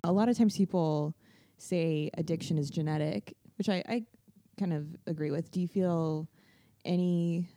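Young woman hosting a chill podcast, lowish warm voice, chatty. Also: moderate pace, no room sound, studio quality. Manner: relaxed, chatty, asks questions. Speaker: podcast host. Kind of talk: casual podcast chat.

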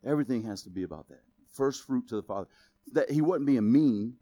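A man preaching a sermon as pastor, in a casual, conversational way that builds up to loud exclamations. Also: mid-range voice, animated, fairly quick, no room sound.

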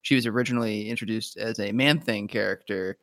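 A man's voice: fairly low pitch, steady tone, brisk, a bit bright, no echo, studio quality. A man co-hosting a podcast, adding comic-book trivia in a hesitant way and correcting himself as he talks. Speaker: podcast co-host. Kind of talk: casual chat.

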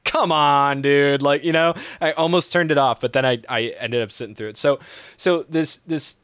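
A man's voice: a little fast, no room sound, studio quality. Profane, rambling young man telling a story. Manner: animated, acts out quotes in high voices. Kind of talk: casual chat.

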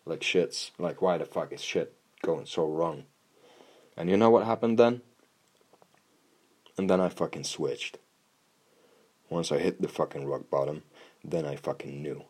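Deep-voiced man swearing bluntly. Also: a little slow, long pauses, darkish tone, slightly rough. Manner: blunt, heavy swearing, repeats words when starting; motivational, tough-love tone. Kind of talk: casual monologue.

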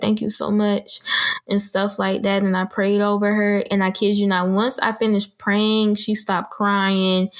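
A woman hosting a podcast, telling a personal story in an earnest, conversational way and often repeating herself. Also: medium pitch. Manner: earnest, conversational, repeats phrases, addresses listeners as y'all. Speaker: podcast host. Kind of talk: casual storytelling monologue.

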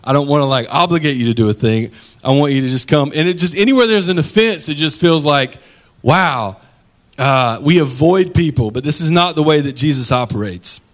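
A man's voice: fairly high pitch, animated, a little fast. Man preaching a casual, slangy sermon. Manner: casual, conversational storytelling with slangy asides. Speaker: pastor.

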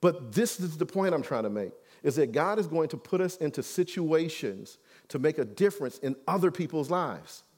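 Male pastor, storytelling sermon, chatty check-ins, somewhat high voice. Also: lively intonation, moderate pace, darkish tone, husky. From Detroit, USA. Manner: conversational, keeps checking in with "right?".

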